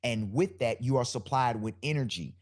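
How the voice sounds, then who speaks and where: A man with a deep bass voice hosting a live solo podcast, talking loosely about energy and spirit and repeating his phrases. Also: normal speed. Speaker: podcast host.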